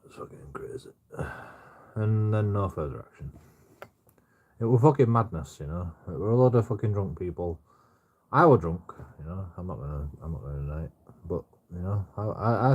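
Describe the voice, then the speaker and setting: A man rambles through a story in a relaxed, unscripted way, peppering every sentence with swearing and "you know". His voice sits low with a husky, slightly rough edge, and the delivery wanders and circles back on itself. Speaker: storyteller recounting his own troubles. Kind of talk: casual rambling monologue.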